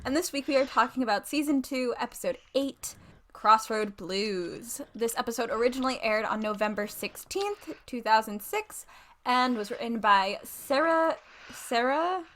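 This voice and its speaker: A woman's voice: on the high side, moderate pace, fairly bright tone. A young woman co-hosting a podcast, chatting casually with teasing asides. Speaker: podcast co-host and editor. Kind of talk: casual chat.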